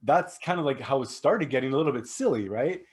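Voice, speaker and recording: A man's voice: mid-range voice, lively intonation, fairly quick. A man co-hosting a podcast, casual upbeat chat that rambles and corrects itself midway. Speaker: podcast co-host.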